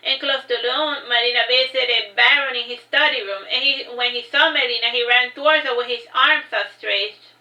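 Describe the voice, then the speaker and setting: High bright woman reading her novel. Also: moderate pace. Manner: reads with frequent self-corrections and chatty asides. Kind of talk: casual audiobook reading. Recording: roomy echo.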